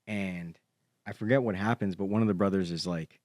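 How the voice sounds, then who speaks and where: A man's voice: low voice, fairly even intonation, a little fast, a little mellow, no echo, studio quality. A man chatting casually on a podcast, telling long stories in a rambling, hesitant way. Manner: rambling, hesitant storyteller full of fillers. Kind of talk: casual chat.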